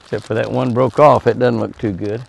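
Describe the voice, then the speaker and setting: A man's voice: medium pitch, fairly even intonation, brisk, gravelly, a little hiss or hum. A man hosting a ranch show outdoors, chatting in a folksy way and coaxing animals with a lifted, sing-song call. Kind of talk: casual outdoor show narration.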